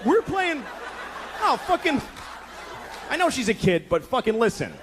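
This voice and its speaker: Profane stand-up comic, lively pitch, crowd laughing. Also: male voice, a little slow. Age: 30s. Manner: profane, exasperated, acts out voices. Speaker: stand-up comedian. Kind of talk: stand-up comedy set. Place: comedy stage before a live audience. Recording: live club set with crowd laughter and noise. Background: audience laughter.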